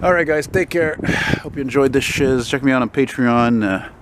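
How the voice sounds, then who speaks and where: A man's voice: medium pitch, moderate pace, heavy background noise. A man rambling and swearing as he films a walking vlog on a city street with a handheld camera. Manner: rambling, profane, wry asides. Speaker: vlogger.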